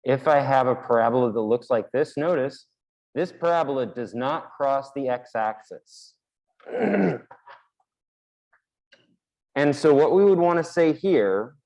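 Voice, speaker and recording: A man's voice: mid-range voice, animated, slow pace, long pauses, a little mellow, muffled recording. A man teaching a math lesson in a casual, explanatory way while drawing on a board, with the odd filler. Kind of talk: classroom lecture at a board.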